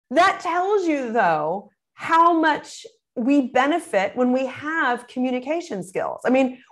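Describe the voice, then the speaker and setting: A middle-aged woman, a communication speaker, answering interview questions expressively, acting out quoted phrases and laughing easily. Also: a little high.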